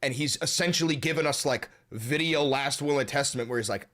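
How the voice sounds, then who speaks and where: A man's voice: medium pitch, a little fast, hardly any pauses, pushed and bright. A man hosting his own political commentary show, ranting casually and swearing constantly in a blunt, fired-up way. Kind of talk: casual profane political rant.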